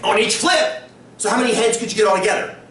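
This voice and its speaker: A man's voice: high-pitched, quick pace, slight background noise. A man teaching a statistics class, lecturing and quizzing his students. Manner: lively, quizzing students often. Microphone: distant room recording. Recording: echoey classroom from a distance.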